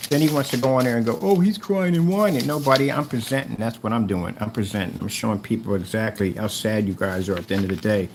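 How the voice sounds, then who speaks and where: Against a noisy background, a man with a low, steady voice rattles off a mocking callout of a rival seller, talking quickly with few pauses. The YouTuber taunts and repeats himself throughout.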